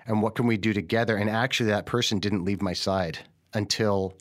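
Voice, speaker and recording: A man's voice: on the low side, fairly even intonation, brisk. A man in a casual podcast conversation. He talks candidly and earnestly, swears freely and acts out what people said to him.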